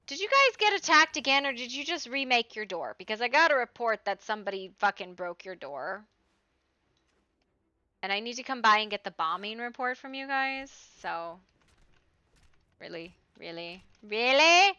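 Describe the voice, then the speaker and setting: A woman with a bright, fairly high voice that swings all over its range, chatting casually as a streamer and swearing freely. She also talks to her dogs in a sing-song voice. The recording is dry and dull. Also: expressive, normal speed, no room sound. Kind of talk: casual chat. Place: at home.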